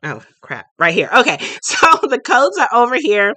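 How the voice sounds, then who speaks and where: A woman's voice: on the high side, sing-song, normal speed, pushed and bright, dry recording. A woman in her late thirties hosting a casual live stream, chatty and goofy, laughing often as she talks to viewers. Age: late 30s. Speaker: livestream host and shop owner.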